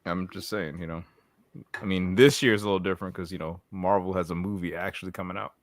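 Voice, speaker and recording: A young man co-hosting a casual podcast chat, animated and laughing often as he talks. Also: sits low, fast, no echo. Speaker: podcast co-host.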